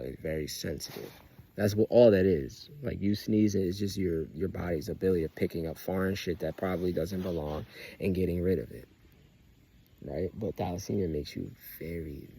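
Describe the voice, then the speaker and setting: A man's voice: deep voice, vocal fry, mellow, a little hiss or hum. A young man rambling outdoors in a loose, profane, emphatic personal monologue full of restarts. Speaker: vlogger.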